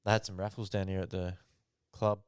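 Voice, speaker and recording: Aussie male co-host, low pitch, quick laid-back yarn-telling, swears a lot, dry studio mic. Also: little pitch movement, clean tone, dry recording. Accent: Australian. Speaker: podcast co-host. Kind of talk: casual storytelling chat.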